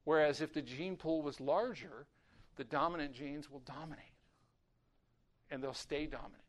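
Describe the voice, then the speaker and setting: An older man teaching a sermon in a storytelling way, acting out little scenes with lively voices. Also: moderate pace. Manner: storytelling, acts out voices with rising pitch. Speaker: preacher.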